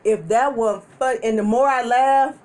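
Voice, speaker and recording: A woman hosting a mukbang, chatting casually to viewers while she eats and telling stories animatedly, with frequent laughter and loud whoops. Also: on the high side, fairly even intonation, unhurried. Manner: chatty, addresses viewers directly. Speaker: mukbang host. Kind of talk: casual chat while eating.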